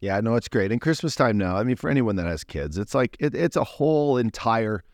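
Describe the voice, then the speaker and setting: A man from Canada in his forties, a former hockey player co-hosting a podcast, telling stories in a relaxed, rambling way. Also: medium pitch, brisk, dry recording, studio quality. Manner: relaxed, rambling, lots of "you know" fillers. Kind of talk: casual storytelling chat.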